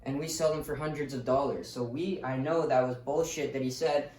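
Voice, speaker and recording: Blunt, swearing sales coach in a roomy space. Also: male voice, medium pitch, fairly even intonation, fairly quick, a little mellow. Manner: casual, blunt, swears freely. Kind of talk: motivational sales lesson. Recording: roomy, distant mic, faint noise.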